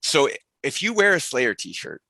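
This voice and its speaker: A man's voice: medium pitch, sing-song, measured pace, gravelly, bright, forceful tone, no echo. A man telling stories as a podcast guest in casual conversation, rambling with frequent restarts and asides.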